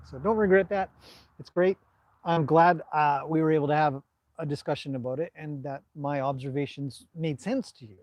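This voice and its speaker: A man with a Canadian accent, hosting a casual live stream and reading out viewer comments in a relaxed, rambling way. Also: fairly high pitch, dry recording, highs cut off. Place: outdoors at a stable in the evening.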